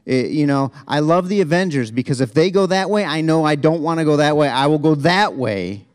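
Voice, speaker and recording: A man preaching a sermon as pastor in a church, talking casually and self-deprecatingly with many restarts, shifting pace and loudness for emphasis. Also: on the high side, expressive, a little fast, smooth. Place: church sanctuary, also streamed.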